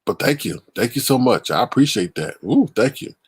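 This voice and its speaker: A man's voice: mid-range voice, big pitch swings, husky, no room sound. Theatrical man streaming live commentary. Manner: theatrical, reacts loudly with drawn-out ooh and scared cries.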